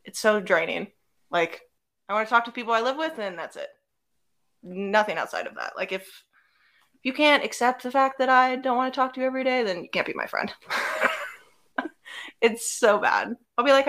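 A woman's voice: fairly high pitch, normal speed, pauses often. A young woman co-hosting a podcast, chatting casually and acting out the lines of others as she tells her stories. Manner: animated storytelling, acting out quotes. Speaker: podcast co-host. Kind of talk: casual chat.

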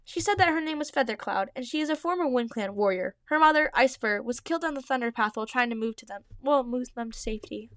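A woman's voice: a little high, expressive, fast talker, hardly any pauses, a bit bright, no echo, studio quality. A young woman reading her old fan story aloud with giggly, self-mocking asides. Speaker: podcast host reading her own old writing.

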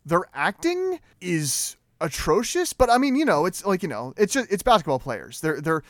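A young man with a rather high voice hosts a movie podcast, talking in a casual, animated and opinionated way. His fillers and restarts come often. The sound is dry and close to the mic, with no room around it. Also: normal speed, dry recording. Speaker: podcast host. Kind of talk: casual movie review chat.

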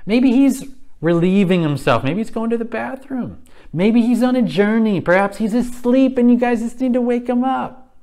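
Brief: male reader playing a sneering prophet mocking rivals, raised high voice. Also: expressive, moderate pace, dark tone. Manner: sarcastic, taunting.

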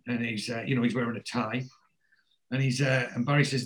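A man in casual chat, retelling a TV episode and jumping into higher, louder voices for the characters he quotes. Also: steady tone, fairly quick.

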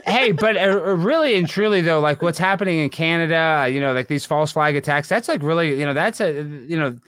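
A man hosting a casual podcast chat, rambling excitably with many restarts, on a close dry mic. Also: fairly high pitch, fairly quick, no echo. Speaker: podcast host and prank caller.

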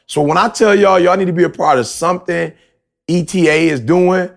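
A man's voice: high-pitched, normal speed, vocal fry. A man co-hosting a podcast in casual chat, laid-back and a little preachy, laughing often. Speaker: podcast co-host.

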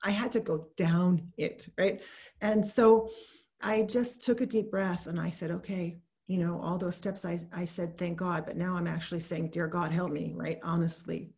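A woman's voice: on the low side, little pitch movement, moderate pace, gravelly, darkish tone. A middle-aged woman in casual conversation, telling a story and acting out her own thoughts in quoted lines.

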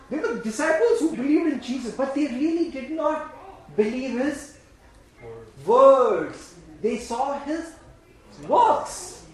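A man preaching a sermon in an emphatic, repetitive way, swinging between loud bursts and hushed lines, and leading the congregation in repeating phrases. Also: very high voice. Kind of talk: sermon with call-and-response. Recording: very echoey room.

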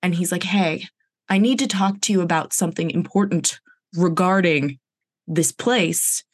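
A woman co-hosting a podcast in casual chat, telling an animated story full of "like" and acted-out quotes. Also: lowish voice, normal speed, husky. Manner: animated storyteller who acts out quoted dialogue; frequent fillers like "like" and "um". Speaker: podcast co-host.

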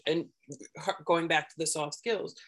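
A woman guest on a podcast explaining parenting and self-care ideas in a measured, deliberate way, building each point step by step. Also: sits low, fairly even intonation. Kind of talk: explanatory conversational advice.

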